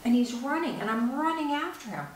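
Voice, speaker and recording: A woman's voice: high voice, lively intonation, brisk. An older woman, an author, giving a talk and telling a personal story, acting out the dialogue vividly. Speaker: author and speaker. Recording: echoey room, distant mic, faint hiss.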